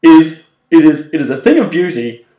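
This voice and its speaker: A man's voice: on the high side, very animated, moderate pace, mellow, reverberant, highs cut off. A man hosting a podcast, playfully setting quiz clues and laughing often in casual chat. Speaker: podcast host.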